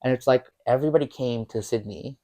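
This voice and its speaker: A man's voice: medium pitch, fast, mellow. A young man from Canada, a podcast guest, chatting casually and rambling with frequent laughs. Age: young adult. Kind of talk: casual chat.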